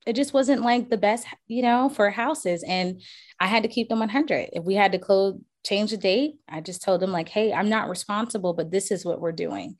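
A woman's voice: medium pitch, moderate pace. A woman, a realtor guest in a casual podcast interview, telling stories animatedly, acting out quotes and laughing often.

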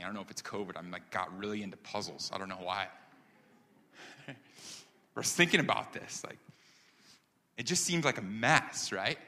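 A man's voice: fairly low pitch, sharp tone. A man from upstate New York preaching a testimony sermon, earnest and conversational, with many ums, building to emphatic points. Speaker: pastor. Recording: long hall reverb.

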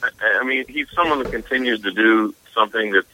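A man on a call-in with a lower voice that still sounds very bright and sharp. He rambles hesitantly through his stories, stopping often on fillers. The sound is dry and close. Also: brisk, no echo, poor audio. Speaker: co-host calling in by phone. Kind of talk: casual phone chat.

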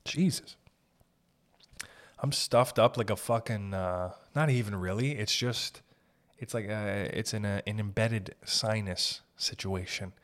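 A podcast host in his thirties with a Canadian accent and a stuffy nose riffs through a rambling, profane, jokey comedic monologue. His voice is fairly low and fairly bright, and he keeps a measured pace.

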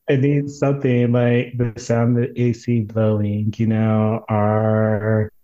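Man, podcast guest, slow halting talk, mellow tone, slightly dull lo-fi sound. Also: on the low side. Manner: relaxed, halting, laughs softly. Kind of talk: casual chat.

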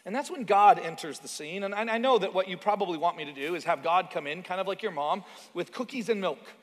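Pastor, male, higher voice, preaches a chatty sermon with personal asides, long hall reverb. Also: fast talker.

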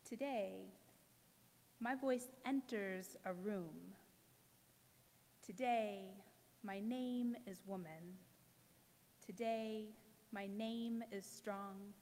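A woman poet performing spoken word before a live audience, with a measured, emphatic delivery and deliberate pauses. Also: medium pitch, darkish tone. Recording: long hall reverb.

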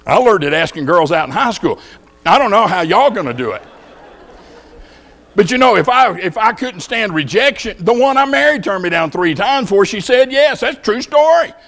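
A man's voice: sits high, sing-song, moderate pace, a bit bright. A man with a Texan accent preaching a sermon in church, telling folksy stories and firing rhetorical questions at the congregation.

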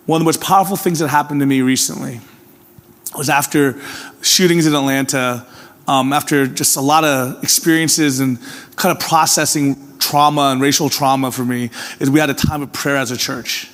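A male pastor preaching a sermon, earnest and personal, swinging from emphatic calls to hushed, tender appeals. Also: mid-range voice, steady tone, normal speed. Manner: earnest, swings from emphatic to hushed, repeats "can I tell you". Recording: long reverb of a large hall.

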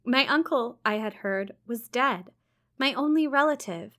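A woman reads a classic first-person novel aloud, expressive and engaged. Her voice is fairly high and bright, with a sharp, clear edge. Now and then she breaks off into casual, amused asides. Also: a little slow. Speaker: reader.

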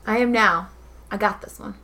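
A woman's voice: mid-range voice, normal speed, sharp tone. A woman playing an angry young woman adventurer who makes demands and confronts people. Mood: sardonic.

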